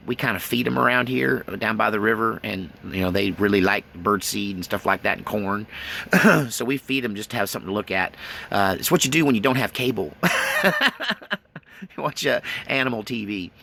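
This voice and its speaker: Middle-aged male vlogger, gravelly, casual and rambling. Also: mid-range voice, bright, forceful tone, slight background noise. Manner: rambling, folksy, with many fillers. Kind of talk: casual chat to camera.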